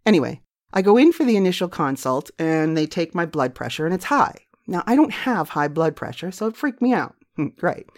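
A woman's voice: fairly low pitch, sing-song, normal speed. A middle-aged woman hosting a show, telling a personal story in a candid, profane, self-mocking way. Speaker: podcast host.

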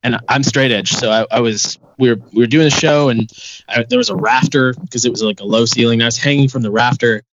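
A man in casual conversation telling stories with dry, deadpan humor. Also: mid-range voice, brisk, noisy background. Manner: dry joking, deadpan exaggeration. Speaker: musician. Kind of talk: casual podcast chat, storytelling. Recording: slightly dull lo-fi sound.

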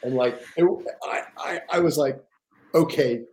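A man's voice: medium pitch, moderate pace. An older man, a guest author, telling stories in a rambling, casual way with repeated words and laughs. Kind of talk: casual storytelling.

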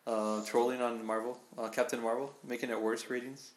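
Man, podcast co-host, casual chat, laid-back, average pitch, echoey room. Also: level tone, brisk.

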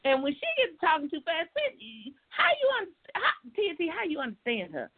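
A woman's voice: high-pitched, wildly swooping pitch, a little fast. A woman hosting a talk show, chatting in an emphatic, folksy, encouraging way. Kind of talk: casual talk show conversation. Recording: tinny phone line with faint noise.

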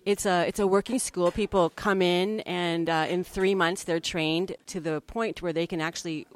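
A woman's voice: lowish voice, steady tone, normal speed. A woman interviewing a chef in a conversational, upbeat way. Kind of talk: interview questions.

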